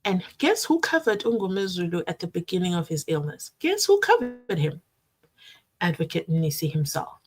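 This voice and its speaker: A young South African woman with a South African accent hosting a casual live-stream from her desk, reading viewer comments aloud and reacting in an animated way. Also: on the low side, moderate pace. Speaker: commentary channel host. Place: at a desk at home.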